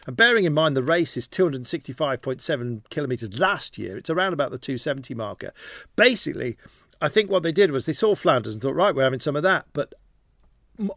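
Male race commentator as interview guest, voice a touch high, chatty and digressive with a wry, self-mocking streak, dry recording. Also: fairly bright tone, no room sound. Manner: rambling, anecdotal, self-deprecating humour. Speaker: cycling commentator. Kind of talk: casual interview chat.

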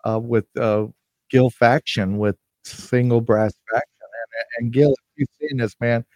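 A man hosting his podcast, speaking haltingly with many fillers and restarts, emotional as he sends a holiday message to listeners. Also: mid-range voice, fairly even intonation, a little mellow, no room sound, poor audio. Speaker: podcast host.

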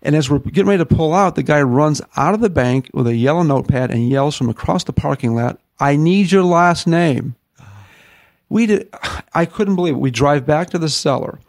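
A middle-aged man from the northern United States tells his story as an interview guest, folksy and lively, acting out what each person said. His voice has a gravelly rasp. The sound is dry and close, with no room echo. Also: fairly high pitch, a little fast. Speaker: guest, ministry founder.

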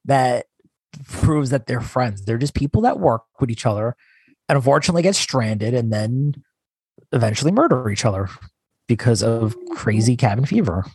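A man's voice: medium pitch, very animated, darkish tone, breathy edge, no echo. A man co-hosting a podcast in casual chat, teasing and scolding his co-host. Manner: teasing, scolding, quick to push back.

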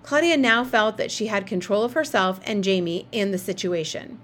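A woman narrating a children's novel in a steady, expressive reading voice. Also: medium pitch, normal speed. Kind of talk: storybook read-aloud.

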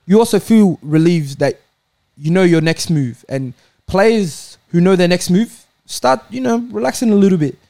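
A young adult man with an Australian accent, co-hosting a casual football podcast, talking in an animated, argumentative way. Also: sits high, moderate pace, gravelly, few pauses. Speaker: podcast co-host, Liverpool fan.

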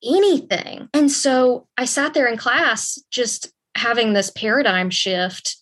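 A woman's voice: a little high, slow pace. A young woman, a guest in an interview, tells a personal story and acts out the voices in it. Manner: animated, acts out quoted dialogue.

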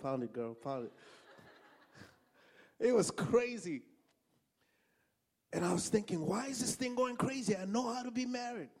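Brief: male preacher from Africa, slightly high voice, animated and funny, repeats for punch. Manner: animated, humorous storytelling with emphatic repetition. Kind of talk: sermon.

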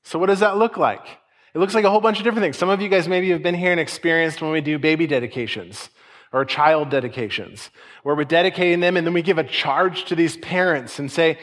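A man's voice: on the high side, fast, fairly bright tone. A pastor in his forties preaching a casual, conversational sermon, with asides and quoted voices.

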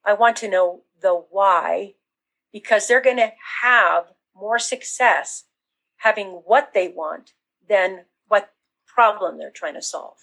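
A woman business coach talking casually in an interview, acting out excited reactions as she explains. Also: mid-range voice, takes it slowly, creaky, poor audio. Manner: animated, acts out quoted reactions.

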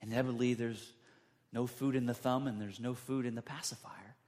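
A man preaching a sermon, acting out the people's words with sudden jumps in pitch and loudness. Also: fairly even intonation, a little fast. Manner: dramatic, acts out quotes with big pitch jumps. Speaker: pastor.

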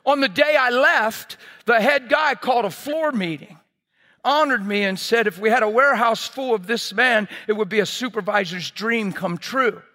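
A man preaching, telling a personal story in an animated way and acting out scenes with sound effects. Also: extremely high pitch, normal speed. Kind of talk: sermon testimony storytelling.

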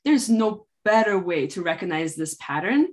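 A woman's voice: fairly low pitch, expressive, moderate pace. Woman, earnest, heartfelt, self-correcting, motivational podcast talk. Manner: earnest, heartfelt, with frequent restarts. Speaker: author and podcast regular. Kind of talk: motivational conversation.

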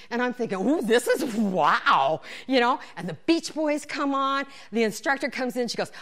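A woman telling a personal story in a lively way, acting out her own thoughts and her friends' lines with frequent laughter. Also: high-pitched.

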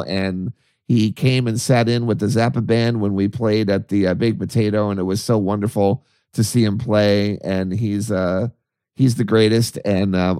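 A man telling a story on a podcast in a casual way, laughing often and acting out his own excited voice. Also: fairly low pitch, clear, resonant tone, no echo, clean studio sound. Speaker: podcast co-host, archivist.

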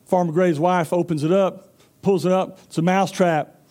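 A pastor preaches in a folksy, storytelling manner, acting out the characters as he goes. His voice sits a little high yet sounds warm and mellow. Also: fairly even intonation, normal speed. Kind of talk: sermon.

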